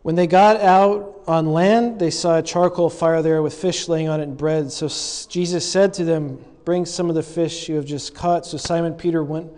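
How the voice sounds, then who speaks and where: A man's voice: a little high, moderate pace, hardly any pauses. Man preaching in an echoey hall. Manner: animated storytelling, acts out quoted lines with humor. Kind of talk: sermon.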